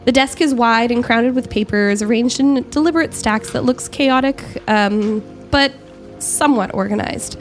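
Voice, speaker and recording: Lady gm narrating a tabletop game, lots of ums, pausing to correct herself. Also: on the high side, soft background music. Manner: descriptive, with frequent ums and self-corrections. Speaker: game master.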